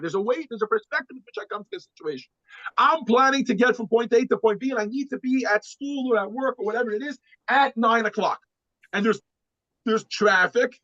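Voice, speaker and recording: A man's voice: very high-pitched, bright, forceful tone, no room sound, highs cut off. A man teaching a class, telling a story to make his point, often repeating words and restarting sentences.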